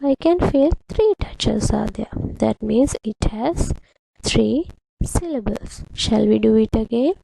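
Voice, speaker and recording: A woman teacher speaks slowly and patiently to young pupils, sounding out words syllable by syllable. Her voice sits a little high, with a gravelly edge. The sound is dry and close, with a dark, mellow tone. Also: animated, no echo, rough recording. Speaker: primary English teacher. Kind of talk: slow, deliberate classroom instruction to children.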